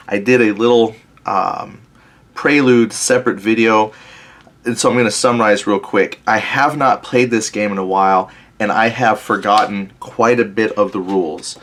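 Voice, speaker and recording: Southern US male host, slightly low voice, relaxed and thinking aloud while he plays. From Tennessee. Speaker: board game player and host. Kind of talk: casual tabletop gameplay commentary.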